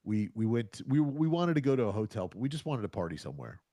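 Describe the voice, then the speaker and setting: A man in his fifties casually telling a rambling, animated anecdote, often chuckling as he goes. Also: mid-range voice, fast, no room sound, clean studio sound. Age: 50s. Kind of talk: casual storytelling.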